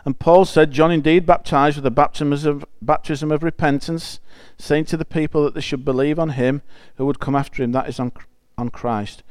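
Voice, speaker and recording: A man's voice: fairly high pitch, fairly even intonation, normal speed, hardly any pauses, clear, resonant tone, dry recording. A man preaching a conversational sermon. He reads scripture aloud and explains it in a chatty, emphatic way, often restarting phrases.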